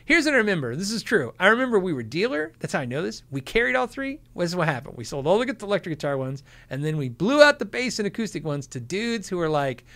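A man's voice: sits high, very animated, quick pace, hardly any pauses, a bit bright. A middle-aged man hosting a live stream, answering viewer questions in casual chat, laughing often and acting out quotes.

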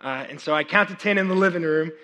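A worship pastor in his thirties preaches a sermon in a high, bright voice, chatty and animated with plenty of fillers. He is unwell and keeps working to clear his throat. His voice rings out with the long reverb of a large hall. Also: fast. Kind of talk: sermon with personal storytelling. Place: church service.

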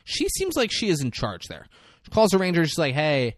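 A man's voice: on the high side, fairly quick, dry recording, studio quality. A man casually recapping a film on a podcast, acting out the characters' lines and swearing often. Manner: animated storytelling, acts out characters' lines, swears a lot. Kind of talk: casual profane chat.

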